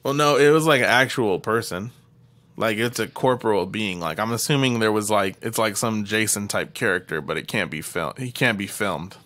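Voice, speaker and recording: A young man tells a horror film's plot to his friends in a loose, profane way and laughs along. His voice is low-pitched but bright and forward. The sound is dry and close. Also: moderate pace, dry recording. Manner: profane, animated retelling with laughs. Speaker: podcast co-host recapping a film. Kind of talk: casual chat.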